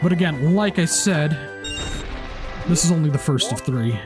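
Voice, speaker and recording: A man talks through his gameplay in a casual let's play, rambling and restarting his sentences often. His voice sits a little high. Game music plays clearly underneath. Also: expressive, moderate pace. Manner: rambling, with many restarts and fillers. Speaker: gameplay commentator. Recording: game music playing behind.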